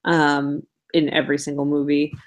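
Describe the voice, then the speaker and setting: A woman co-hosting a casual podcast, opinionated and lively in her comments on films and comics, over a remote call. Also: sits low, normal speed. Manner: opinionated, animated when quoting characters. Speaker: podcast co-host. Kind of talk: casual chat about comics and film.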